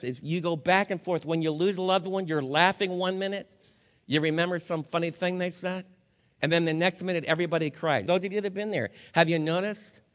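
A man's voice: sits high, a bit bright. A man preaching a funeral sermon as pastor, talking in an earnest, conversational way and speaking straight to the congregation. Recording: long reverb of a hall.

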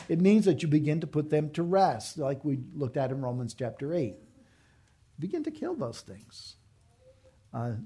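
A man's voice: mid-range voice, warm tone, breathy edge. A man delivering a sermon as a pastor, earnest and emphatic, repeating his key phrases.

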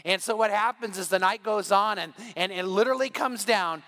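A middle-aged man preaching an evening sermon, telling a story that builds to shouts. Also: high-pitched, a little fast. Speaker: pastor.

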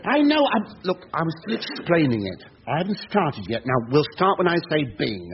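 A man's voice: on the high side, very animated, moderate pace, a little hiss or hum. A man hosting a radio comedy show, talking in a flustered, chatty way, full of stammers and asides to the audience. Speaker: comedian and host. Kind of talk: 1970s radio sketch comedy. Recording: dull old radio recording, loud studio audience laughter.

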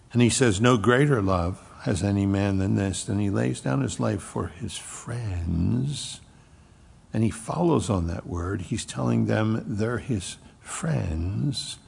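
A man preaching a sermon, swinging from loud emphasis to hushed near-whispers. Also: fairly low pitch, big-room sound. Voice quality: gravelly, husky voice. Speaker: pastor.

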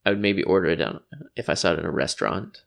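A man co-hosting a casual chat, laid-back and joking, musing slowly. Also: sits low, vocal fry. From United States. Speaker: podcast co-host.

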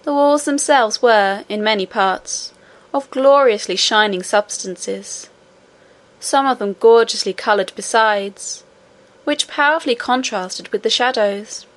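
A woman reading a classic children's fantasy novel aloud in a measured, expressive narration. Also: on the high side. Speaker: audiobook narrator. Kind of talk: scripted narration.

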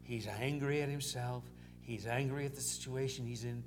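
A man's voice: medium pitch, fairly even intonation, moderate pace, background noise. A male pastor preaching a sermon in a folksy, repetitive storytelling way, dropping in "amen"s.

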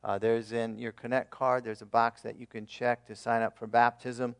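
A man preaching a sermon as pastor, earnestly leading his congregation in repeated declarations, with emphatic swings in loudness and occasional fillers. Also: medium pitch, level tone, normal speed, vocal fry, clean tone.

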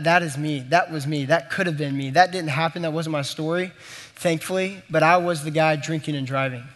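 A man's voice: a little high, a bit bright. Earnest young man preaching in an echoing hall. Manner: conversational, earnest, addresses the room directly. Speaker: pastor. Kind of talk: sermon storytelling. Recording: long hall reverb.

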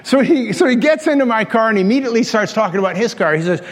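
A man's voice: high voice, expressive, fast talker. A man, preaching a sermon in a folksy, self-deprecating storytelling way, chuckling at his own stories. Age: 60s. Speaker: pastor. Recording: long reverb of a large church hall.

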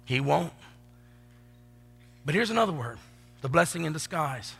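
A man preaching a sermon as pastor, swinging between loud emphatic declarations and hushed asides. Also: a little high, sing-song, measured pace, creaky, slightly rough, big-room sound, faint music behind. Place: church sanctuary.

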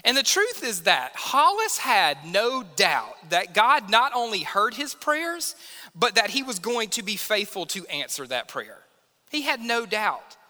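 Bright-voiced pastor in a reverberant hall. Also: male voice, high-pitched, big pitch swings, unhurried. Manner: conversational, self-deprecating preaching with acted quotes. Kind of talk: sermon. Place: church sanctuary.

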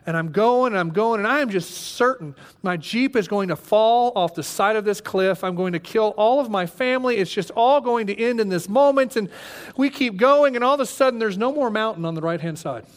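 High-voiced animated male preacher. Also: brisk. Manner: animated storyteller, acts out his own panic. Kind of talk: sermon storytelling.

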